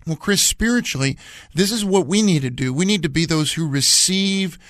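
A man's voice: on the high side, lively intonation, moderate pace, a bit bright, no echo, studio quality. A man co-hosting a radio Bible study, talking earnestly and repeating phrases to drive his points home. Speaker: radio program co-host and Bible teacher.

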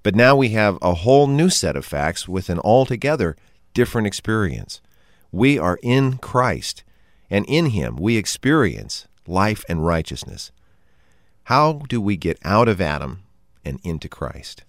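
Male host, low voice, measured scripted delivery, dry. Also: sing-song, no room sound. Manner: measured, introduces segments. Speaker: radio program host. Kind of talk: scripted program hosting.

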